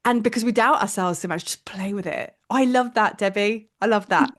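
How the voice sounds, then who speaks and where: A woman's voice: medium pitch, brisk. A woman teaching an online spiritual class in a casual, effusive way, laughing often and talking over a video call. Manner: chatty and effusive, laughs often, many fillers.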